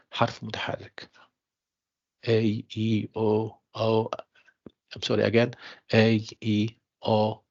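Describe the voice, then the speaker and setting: Male tutor, gravelly voice, patient repetitive teaching, lo-fi online audio. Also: on the low side. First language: Arabic. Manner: slow, repeats himself, calls students "dear students", mixes in Arabic explanations. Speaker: university English tutor. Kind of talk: online class lecture. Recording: dull lo-fi online class audio.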